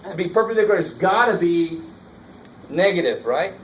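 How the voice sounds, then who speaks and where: A man's voice: high voice, expressive, normal speed, far from the mic. Man teaching math in an echoey classroom. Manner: casual, engaged, keeps checking students follow. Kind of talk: classroom lecture. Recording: roomy classroom recorded from afar, faint noise.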